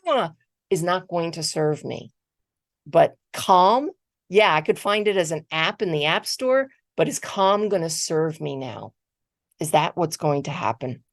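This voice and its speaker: A middle-aged woman giving a motivational keynote, telling a personal story in a conversational, animated way and often repeating words. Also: fairly low pitch, dry recording, clean studio sound. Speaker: keynote speaker. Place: virtual conference talk.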